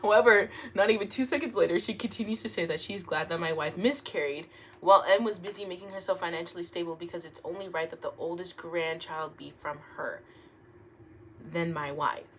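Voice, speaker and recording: A young woman reads stories aloud at home in a lowish voice, stumbling over words now and then and cutting in with animated reactions. She is close to the mic, with a faint hiss of room noise behind her. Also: brisk. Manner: animated, laughing asides, trips over words. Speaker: YouTuber reading online stories. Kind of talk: casual story reading with reactions.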